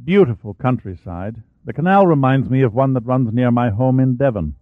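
A man's voice: medium pitch, expressive, moderate pace, no room sound, natural voice. A man voicing a polite, reserved British naval lieutenant with a British accent, courteous and clipped. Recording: dry, tinny phone-like sound.

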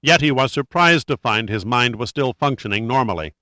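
A man narrating a dramatic audiobook in a measured, steady storytelling manner. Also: medium pitch, no room sound.

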